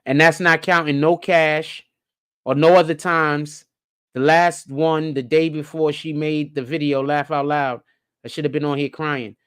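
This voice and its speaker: A live-stream host giving casual, profane commentary, piling up rhetorical questions and swinging between low mutters and excited high stretches. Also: unhurried, clean tone, dry recording, studio quality. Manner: rhetorical, keeps asking questions, profane slang.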